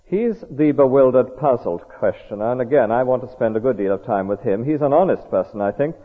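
A man preaching a sermon in an earnest, measured, conversational way. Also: mid-range voice, animated. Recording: tinny echoey hall recording.

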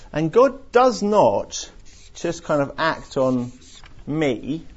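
A man's voice: medium pitch, a little hiss or hum. A man giving an earnest Bible teaching talk to a group, explaining with many restarts and fillers. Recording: dull lo-fi recording.

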